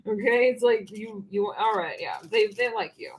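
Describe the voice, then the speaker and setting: A woman's voice: mid-range voice, normal speed, a little hiss or hum. A woman giving a channeled tarot reading on a livestream, rambling and laughing often. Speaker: tarot reader.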